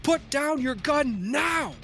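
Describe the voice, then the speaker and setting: A man's voice: very high-pitched, animated, takes it slowly, soft background music, pitched above the performer's own voice, heavily acted. A man voicing a barking orc gunman. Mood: angry. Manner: yelling commands. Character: aggressive male orc gunman barking orders.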